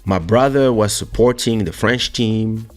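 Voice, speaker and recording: A man hosting a podcast, chatting casually as an animated storyteller who laughs often. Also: fairly low pitch, a little slow, faint music behind. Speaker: podcast host. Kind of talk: casual chat.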